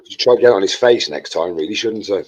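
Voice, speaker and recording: A man co-hosting a hobby livestream in casual chat, laughing often and talking softly to a dog. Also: low-pitched, quick pace. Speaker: co-host of a modelling livestream. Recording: dull lo-fi stream audio.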